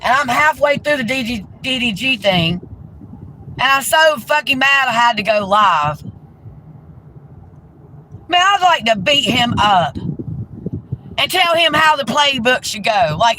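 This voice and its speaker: A woman's voice: high-pitched, sing-song, slow pace, long pauses, bright, forceful tone, slight background noise, low-quality recording. A woman ranting heatedly and profanely during a live stream, talking into a handheld phone from inside a car.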